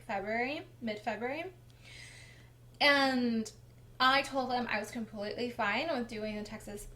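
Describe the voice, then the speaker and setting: A young woman vlogger casually telling a personal story, chatty and animated, with frequent fillers. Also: fairly high pitch, slight background noise.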